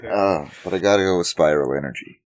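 A man's voice: low-pitched, fast, dry recording. A man trading teasing quips while answering quiz questions on a podcast. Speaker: podcast co-host. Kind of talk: casual podcast chat.

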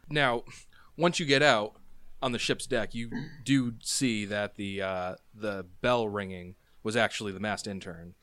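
A man narrating a tabletop game as game master, explaining rules and describing scenes with brisk fillers. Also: on the low side, steady tone, bright, forceful tone, no echo.

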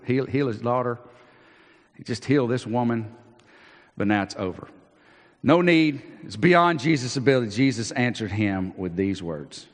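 A man, a pastor preaching a sermon, animated and acting out the Bible scenes he tells, with frequent restarts. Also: on the low side. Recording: long reverb of a large hall.

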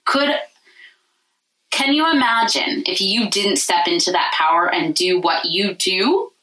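Bright, effusive woman host a little off-mic. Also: medium pitch, animated, measured pace. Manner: effusive, swears casually, calls guest babe. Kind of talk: casual podcast conversation. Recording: voice a bit distant from the mic.

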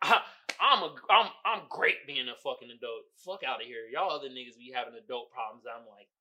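A man hosting a casual solo podcast, talking loudly and profanely, often laughing and shouting exclamations. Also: mid-range voice, a little fast, a little hiss or hum. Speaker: podcast host.

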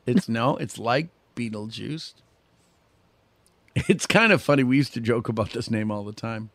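A man's voice: mid-range voice, moderate pace, fairly bright tone, no room sound. A man hosting a playful game segment, teasing his guest and laughing often. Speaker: host. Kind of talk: playful game-show banter.

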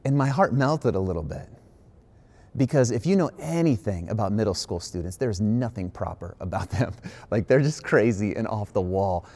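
A man's voice: on the low side, animated, normal speed, warm tone. A man from the Midwest preaching a sermon as a pastor, casual and emphatic, with many asides. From Midwestern United States.

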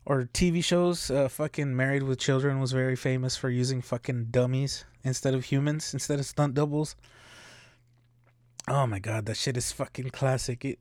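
In a dry, studio-quality recording, a man with a mid-range voice hosts a podcast by himself. His casual solo commentary wanders freely, packed with profanity and frequent bursts of laughter.

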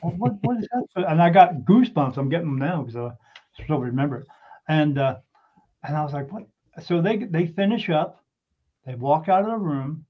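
Man with a high voice, muffled lo-fi recording. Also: normal speed. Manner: animated, swears freely, frequent restarts and fillers. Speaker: guest telling a personal story. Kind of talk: casual spoken storytelling. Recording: dull lo-fi recording.

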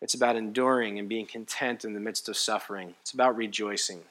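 A man preaching a sermon in a church, swinging between hushed and loud, passionate delivery with repeated emphatic phrases. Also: fairly low pitch, fairly even intonation, a little fast, hardly any pauses. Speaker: pastor.

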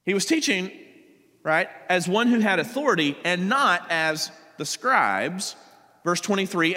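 A man's voice: high-pitched, sing-song, normal speed, pushed and bright, in a large hall. A man preaching a sermon, reading scripture passages aloud and then explaining them to the congregation. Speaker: pastor. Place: church sanctuary.

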